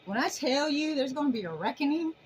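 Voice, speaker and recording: A woman giving a casual tarot reading to her viewers in an animated, emphatic way, often laughing. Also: high-pitched, fairly quick, a little hiss or hum, poor audio. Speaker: tarot reader.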